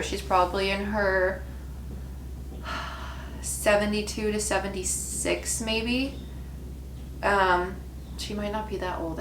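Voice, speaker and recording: Musing woman medium in an echoey room. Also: mid-range voice. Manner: musing, hesitant, many fillers. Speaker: medium reacting to a video. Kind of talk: casual reaction commentary. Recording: echoey room with faint noise.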